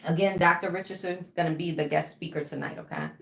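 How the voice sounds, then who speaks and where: A woman's voice: fairly low pitch, fairly even intonation, quick pace. Woman coach doing a live class, casual, lots of okays, echoey room. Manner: casual, drawling, repeats okay and right to the viewers. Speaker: mindset coach. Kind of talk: live-stream teaching. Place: room with a whiteboard.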